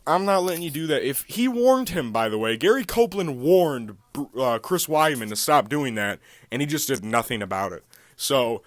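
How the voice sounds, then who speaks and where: A man's voice: medium pitch, no echo, clean studio sound. A man hosting a casual fight recap monologue, talking in a heated, profane, ranting way. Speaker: MMA recap channel host.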